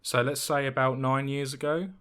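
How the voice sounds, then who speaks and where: A man's voice: medium pitch, flat delivery, moderate pace, a bit bright, clear, resonant tone. A man of twenty-one, a podcast co-host, telling a story in casual chat with many fillers and restarts.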